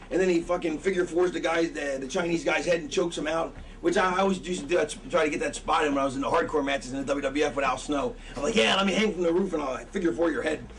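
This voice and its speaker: High-voiced man rambling, swearing. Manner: rambling, loses his train of thought, swears a lot. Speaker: wrestling trainer. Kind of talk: casual profane lecture. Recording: distant mic with background noise.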